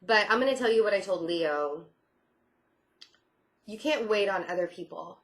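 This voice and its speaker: A woman's voice: medium pitch, lively intonation, moderate pace, a bit bright. Reassuring woman reading tarot cards. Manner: reassuring, repeats phrases, many "I feel like" fillers. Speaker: tarot reader.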